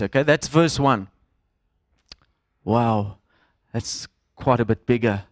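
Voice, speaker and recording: Male pastor, 30s, mid-pitched, relaxed conversational sermon, dry close sound. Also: takes it slowly, dry recording. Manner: conversational, with fillers and mixed-in Afrikaans phrases. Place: church in front of a congregation.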